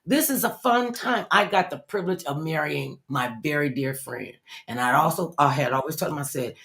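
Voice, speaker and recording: Older female talk host, animated and chatty, tells stories. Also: sits low, normal speed. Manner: animated, storytelling, acts out other people's voices. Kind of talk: lively interview chat.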